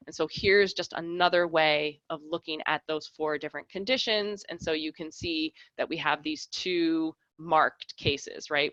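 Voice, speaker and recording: A woman's voice: on the low side, bright, forceful tone, dry recording, muffled recording. A woman researcher giving an academic lecture and explaining examples step by step. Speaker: researcher giving a lab talk.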